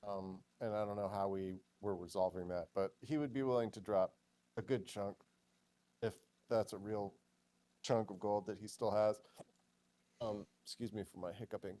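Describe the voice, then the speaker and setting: A man playing a tabletop role-playing game, talking casually about his character and often pausing with ums and uhs. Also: fairly low pitch, mellow. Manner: hesitant, heavy with ums and uhs.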